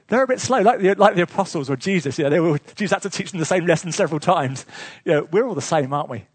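Male preacher, sermon; high husky voice, chatty storytelling with chuckles. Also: no room sound. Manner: lively storytelling with chuckles, asides to the congregation.

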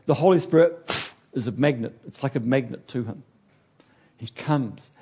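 A man preaching a sermon in an animated way, acting out the figures he talks about and now and then losing his place. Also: medium pitch, normal speed, husky. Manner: animated, acts out biblical figures, loses his place and laughs.

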